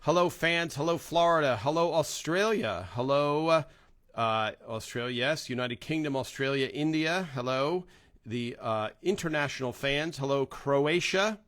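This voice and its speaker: A man's voice: on the high side, unhurried, a bit bright, dry recording, clean studio sound. A middle-aged man from New Jersey hosting a casual livestream, greeting viewers one by one with many fillers. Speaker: host.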